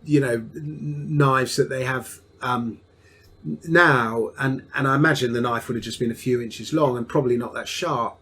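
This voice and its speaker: A man's voice: mid-range voice, moderate pace, a bit bright, slightly rough. A man, a podcast guest telling a family story at an easy, rambling pace with frequent restarts.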